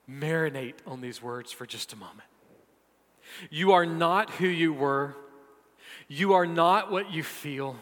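High-voiced preacher man in a reverberant hall. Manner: emphatic, repetitive, slow deliberate delivery, swinging from loud to hushed. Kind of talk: sermon.

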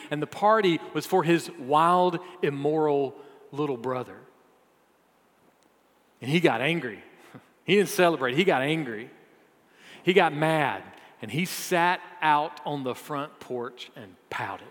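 A man's voice: fairly high pitch, measured pace. A man preaching in a reverberant hall. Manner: dramatic storytelling with sudden shifts between loud and hushed. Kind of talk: sermon storytelling.

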